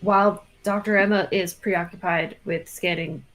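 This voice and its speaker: A woman's voice: on the low side, fairly even intonation, moderate pace, fairly bright tone. A woman playing a tabletop game, talking eagerly and casually. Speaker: player.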